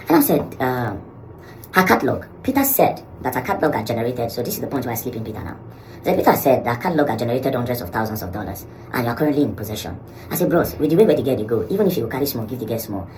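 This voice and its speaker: A man with a Nigerian accent telling a story in a vlog. He acts out the quoted dialogue in an animated way and mixes Pidgin into his English. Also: mid-range voice, a little hiss or hum, poor audio. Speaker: social media commentator.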